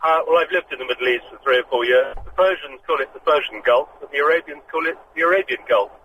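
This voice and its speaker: A male caller, slightly high-voiced, who speaks politely and in a matter-of-fact way. He sounds distant, with steady noise behind him on a dull, lo-fi phone line. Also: fast talker.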